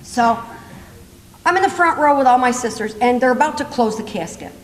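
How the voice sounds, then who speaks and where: Animated high-voiced woman in her sixties. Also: a little fast, a little hiss or hum. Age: 60s. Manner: animated, laughing, self-mocking. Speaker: comedic storyteller. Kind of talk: stand-up storytelling. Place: conference hall stage. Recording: echoey hall, faint ambience.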